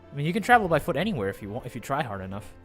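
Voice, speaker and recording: A man's voice: mid-range voice, very animated, rapid-fire, soft background music. A young man streaming a game and chatting casually, rambling and self-deprecating. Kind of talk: casual live-stream chat.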